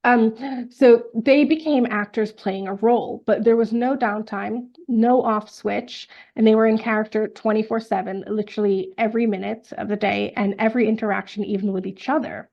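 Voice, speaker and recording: A woman's voice: fairly high pitch, fairly even intonation, normal speed, vocal fry, hardly any pauses, darkish tone, dull audio. A woman co-hosting a casual true crime podcast, telling a story with lots of fillers and asides. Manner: conversational storytelling with many fillers. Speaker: podcast co-host.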